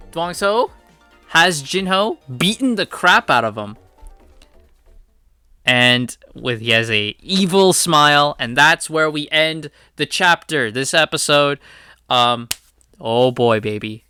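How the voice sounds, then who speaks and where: Male comic reviewer, laid-back recap, crisp voice, fairly high. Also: expressive, bright, forceful tone, soft background music. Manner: chatty, many fillers and quick asides. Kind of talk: casual chapter recap.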